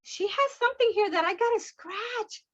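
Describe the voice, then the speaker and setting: A woman acting out a thrilled customer who squeals with breathless excitement while opening a package. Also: very high-pitched, moderate pace, lo-fi sound, voice pushed up. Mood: delighted.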